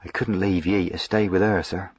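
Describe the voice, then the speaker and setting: A man voicing a quiet, devoted male servant who speaks softly in a rustic dialect. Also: deep voice, flat delivery, moderate pace, slightly rough, no room sound, dull audio. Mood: quiet, earnest. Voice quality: soft-spoken, rustic dialect. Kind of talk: audiobook character voicing.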